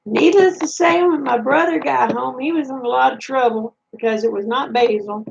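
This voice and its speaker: A woman's voice: sits high, moderate pace, creaky, darkish tone, dull audio, a little hiss or hum. A woman vlogger telling funny stories from her childhood in a folksy, chatty way. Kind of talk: casual storytelling.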